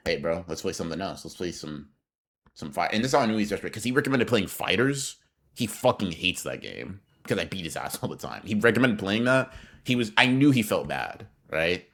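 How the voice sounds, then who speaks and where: Young male podcast co-host, low-pitched, animated slangy storyteller. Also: fairly quick. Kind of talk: casual storytelling chat.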